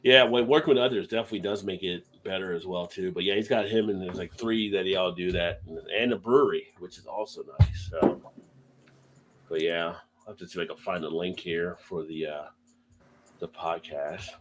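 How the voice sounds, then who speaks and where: A man chatting casually on a live stream, easygoing and quick to laugh. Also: low-pitched, steady tone, slight background noise. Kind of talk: casual chat.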